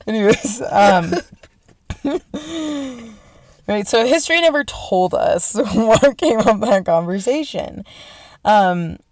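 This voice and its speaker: A woman's voice: medium pitch, very animated, slow, long pauses, darkish tone, dry recording. A woman podcast host telling a story in casual, slangy and profane chat. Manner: slangy, profane, lots of fillers.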